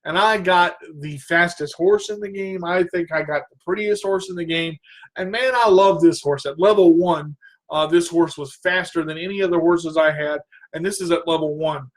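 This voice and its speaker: Radio host, male, high pitch, chatty rambling storyteller. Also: moderate pace. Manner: animated, rambling, breaks into goofy singing. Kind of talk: casual storytelling monologue.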